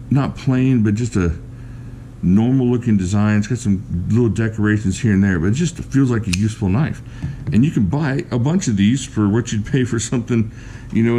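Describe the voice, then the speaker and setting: A man giving a casual, chatty knife review, enthusiastic and quick to laugh. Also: on the low side, mellow, slight background noise.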